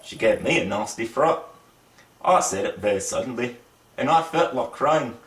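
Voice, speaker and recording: A man's voice: mid-range voice, normal speed, far from the mic. Guy reading a kids' book in a put-on british accent, voice bouncing up and down, echoey room, sits back from the mic. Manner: lively, voices the characters. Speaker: reader of a children's book. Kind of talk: storybook read-aloud.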